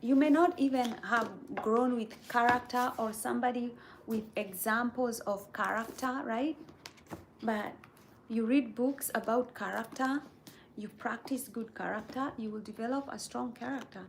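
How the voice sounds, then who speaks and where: Woman channel host, casual motivational chat; vocal fry, faint background hiss, keeps checking in with "right?", drifts into a breathy near-whisper. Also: a little high, measured pace. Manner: earnest, repeats "right?" and "okay?" to check in with viewers. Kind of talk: casual motivational chat while reading viewer comments.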